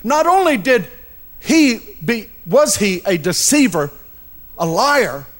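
A man's voice: sits high, very animated, takes it slowly. A male pastor preaching a sermon, telling a story dramatically and addressing the congregation directly.

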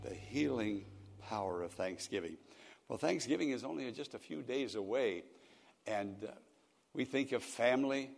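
An older man pastor delivers a radio sermon in a folksy storytelling way. He swells into emphatic, loud peaks. His voice carries the long reverb of a church hall. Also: medium pitch, animated, moderate pace, gravelly, soft background music.

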